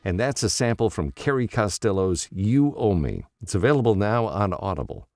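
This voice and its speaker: A male audiobook narrator with a very deep, gravelly voice that moves lively across its range. He sounds relaxed and conversational, with faint music under him. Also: moderate pace, no room sound.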